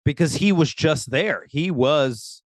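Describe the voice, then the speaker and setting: A man's voice: fairly high pitch, slow, dry recording, studio quality. A man co-hosting a podcast in casual chat, acting out lines from the show as he talks. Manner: animated, acts out quotes from the show. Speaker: podcast co-host.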